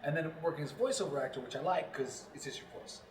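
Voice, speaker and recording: A man's voice: fairly high pitch, fast talker, slight background noise. A man from New York, a voiceover actor, talking casually as an interview guest and rambling with many fillers. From New York, Long Island. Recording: roomy, distant mic.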